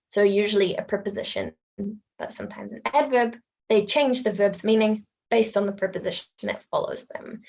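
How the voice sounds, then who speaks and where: A woman with a New Zealand accent, an English teacher giving a casual online webinar lesson and acting out example phrases in a lively voice. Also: mid-range voice, creaky, highs cut off.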